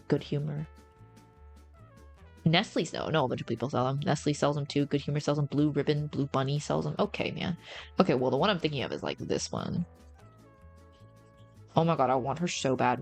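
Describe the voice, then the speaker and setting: A woman with a low voice and a gravelly fry chats casually on a livestream. She rambles in slang, calls her viewers bro and answers their messages, with faint music playing behind her. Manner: reads and answers chat. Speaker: streamer.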